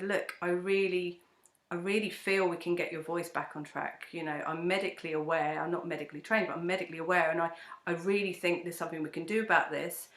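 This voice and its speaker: A woman talks about her own path as a guest in a conversational interview, her voice sitting a little low for a woman. She tells stories with animation and slips into other people's voices when quoting them. The room around her is echoey. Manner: animated storytelling, acts out quoted voices. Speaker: breathwork teacher and singer-songwriter guest.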